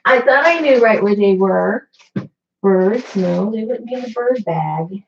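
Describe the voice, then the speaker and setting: Gravelly-voiced woman chatting while crafting. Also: mid-range voice, animated, measured pace, muffled recording, slight background noise. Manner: rambling, talks to herself while searching. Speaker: craft video host. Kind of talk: casual chat while crafting. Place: indoor craft room, standing near a speaker.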